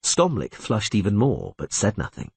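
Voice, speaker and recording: A man reading an audiobook in expressive narration. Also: fairly low pitch, moderate pace, slightly rough, dry recording. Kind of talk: scripted narration.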